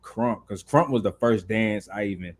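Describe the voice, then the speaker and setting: Man, Southern accent, from North Carolina, podcast guest, animated storyteller, slangy talk. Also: lowish voice, moderate pace, crowd noise. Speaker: guest, dancer. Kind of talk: casual interview chat.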